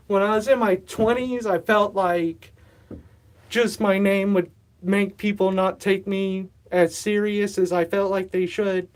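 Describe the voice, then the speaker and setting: Thirties male streamer, slightly breathless, loose and rambling, self-deprecating, casual chat from a stuffy humid room. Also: high-pitched. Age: 30s. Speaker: livestream host. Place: stuffy warm humid indoor grow room.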